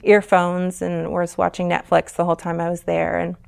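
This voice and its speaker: A young woman talking as a guest, telling a personal story frankly, with halting pauses and many fillers. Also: on the low side, completely flat delivery, gravelly, darkish tone, smooth.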